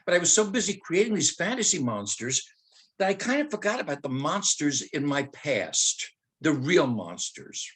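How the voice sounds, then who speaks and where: A man in his seventies tells his life story at a talk, mixing jokes with slow, weighty dramatic readings. His voice sits on the higher side for a man. He speaks as a seasoned former teacher. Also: sing-song, a bit bright, breathy edge. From Germany. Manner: humorous, anecdotal, slows to dramatic recitation.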